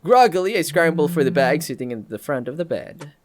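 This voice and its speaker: A man's voice: a little high, lively intonation, fairly quick, crowd noise. A man hosting a let's play, reading a story game aloud and breaking off for joking comments.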